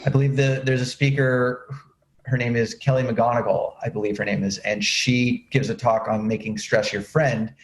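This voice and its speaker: A man's voice: mid-range voice, flat delivery, moderate pace. A man hosting an interview, talking loosely and chattily about speaking and performance. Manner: chatty, loose, with many fillers. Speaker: host. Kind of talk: casual interview chat. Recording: roomy echo.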